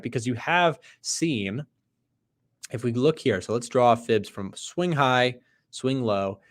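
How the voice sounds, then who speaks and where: A man hosting a live trading stream, talking casually through charts, animated and emphatic, often checking in with "right?". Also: mid-range voice. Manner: conversational, asks "right?" often; animated, emphatic, loud bursts. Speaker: trading livestream host. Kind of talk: live market commentary.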